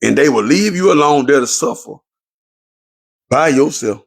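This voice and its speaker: The voice is medium-pitched and animated at a normal speed, with vocal fry and a breathy edge. A male relationship commentator urges viewers on the subject of relationships in a fiery, preachy monologue full of repeated points.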